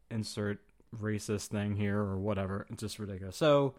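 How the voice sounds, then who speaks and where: A man's voice: on the low side, normal speed, a little mellow. A young man hosting a podcast, talking in a flippant, profane, slangy way and acting out quotes as he goes. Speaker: podcast host. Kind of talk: casual opinion monologue.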